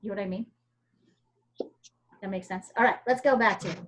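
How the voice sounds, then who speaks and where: A woman's voice: mid-range voice, a little fast, a little hiss or hum. A woman from the United States teaching an art class over a video call, chatty and encouraging, with frequent fillers.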